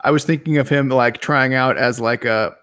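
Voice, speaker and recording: A man's voice: medium pitch, fairly even intonation, a bit bright, smooth. A man co-hosting a casual webinar, laid-back and joining in the banter. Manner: laid-back, laughs along, quick banter. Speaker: webinar co-host. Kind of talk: casual chat.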